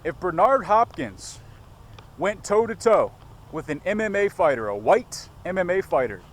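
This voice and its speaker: A man's voice: sits high, very animated, moderate pace. A man vlogging on a city street. He talks casually, curses constantly, rambles and keeps digressing. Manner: profane, rambling, digresses often. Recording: faint street noise outdoors.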